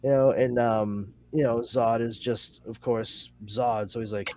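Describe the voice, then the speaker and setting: A male podcast host chatting casually, summarizing a comic in a rambling, animated way with lots of fillers. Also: mid-range voice, measured pace, hardly any pauses. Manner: rambling and animated, with many fillers and excited asides.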